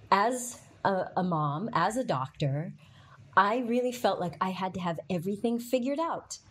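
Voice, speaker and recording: A middle-aged woman hosting a podcast, telling a personal story in a candid, emotional way, with frequent fillers and to a live audience. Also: fairly low pitch. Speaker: podcast host.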